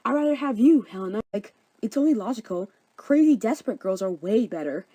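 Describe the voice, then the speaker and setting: A woman's voice: on the high side, expressive, a little fast, warm tone, no echo. A woman voicing Lysander, a brash, fickle young man who talks smugly. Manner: brash, smug.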